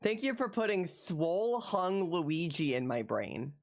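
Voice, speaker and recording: A woman chatting casually with her viewers on a live stream, excitable and full of swearing, who repeats the same phrase again and again. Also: on the low side, a little slow.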